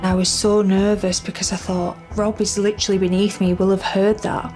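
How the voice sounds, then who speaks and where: A woman's voice: medium pitch, level tone, normal speed. British woman telling her story for a doc, earnest, quoting her own thoughts, faint music behind. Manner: earnest, vivid retelling with quoted inner thoughts. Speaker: interviewee recounting her experience. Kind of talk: documentary interview, first-person account.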